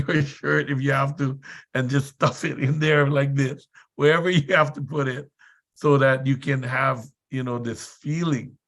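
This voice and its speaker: A man's voice: fairly high pitch, gravelly, fairly bright tone. A man giving a motivational seminar talk, telling chatty anecdotes and laughing often. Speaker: seminar speaker.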